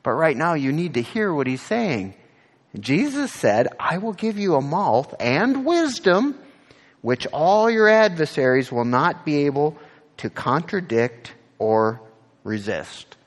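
Lively preaching man in a reverberant hall. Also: mid-range voice. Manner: animated preaching, rising to emphatic peaks on scripture quotes; asks the congregation direct questions. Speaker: pastor. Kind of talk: sermon.

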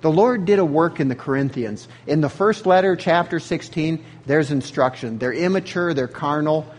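A man's voice: on the high side, moderate pace. A man preaching a sermon as pastor, in an earnest, conversational way.

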